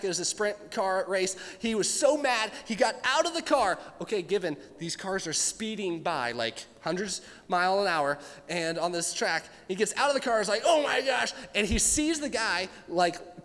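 A man's voice: sits high, a bit bright, long reverb tail. A young man preaching a sermon to his congregation, telling stories in a casual way and acting out the people in them. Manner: casual storytelling with playful voiced asides. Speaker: pastor.

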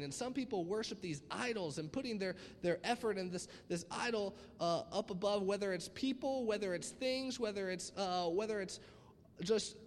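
A man preaching a casual youth sermon in a rambling, energetic way with lots of asides. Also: high-pitched, big-room sound.

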